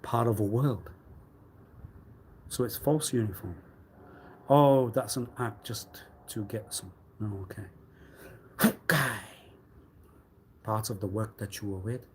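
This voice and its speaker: A man on a live stream delivering a rambling, accusatory monologue, swinging between loud outbursts and low muttering. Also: slow, pauses often, slight background noise. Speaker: livestreamer.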